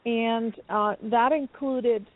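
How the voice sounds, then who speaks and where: A woman from Canada answers interview questions in a measured way and pauses on many ums. Her voice sits a little high and comes through a narrow, phone-like line. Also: steady tone. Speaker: guest author. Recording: phone-like call-in audio.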